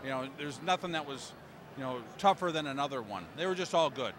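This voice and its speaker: A man answering as a wrestling guest in plain, unhurried sentences. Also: mid-range voice, animated, noisy background.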